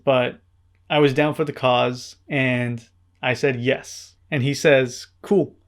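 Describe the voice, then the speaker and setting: Wry deadpan man narrating a vlog. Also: mid-range voice, slow pace. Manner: introverted, earnest. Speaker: vlogger.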